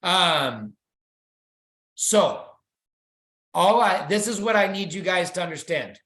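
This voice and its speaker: Slow-paced yet enthusiastic, a presenter delivers the weekly company update like a sales pitch while sharing slides on a video call, with a roomy sound.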